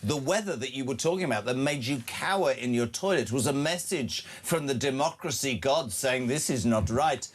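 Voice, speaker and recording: A man's voice: medium pitch, lively intonation, moderate pace, few pauses. A man hosting breakfast radio, chatting casually and reading out listener messages with blunt jokes. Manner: jokey, blunt, reads listener messages aloud. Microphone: studio microphone.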